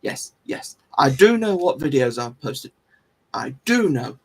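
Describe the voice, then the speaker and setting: A man's voice: mid-range voice, sing-song, unhurried, gravelly, breathy edge. A man hosting a live stream, chatting casually with viewers in a rambling, self-deprecating way. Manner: rambling, self-deprecating, restarts and laughs often. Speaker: livestream host.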